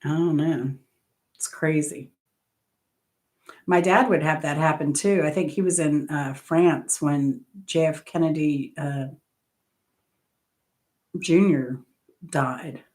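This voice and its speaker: Woman, deep voice, casual host chat, rambling stories, self-corrections. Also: slow pace, pauses often, a little mellow. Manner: rambling travel anecdotes with self-corrections and laughs. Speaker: host of a music trivia channel.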